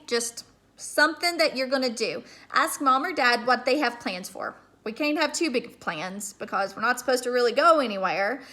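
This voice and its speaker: A woman teaching a remote phonics lesson to kindergarteners, patiently sounding out words slowly and checking in with "okay?". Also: sits high, sharp tone. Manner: slow, drawn-out sounding out of words.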